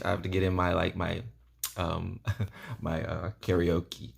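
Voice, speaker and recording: A man's voice: low-pitched, completely flat delivery, a little slow, vocal fry, slightly rough. A man talking casually to camera in a vlog, rambling earnestly with lots of ums and you-knows. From United States. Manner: earnest and enthusiastic. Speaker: vlogger.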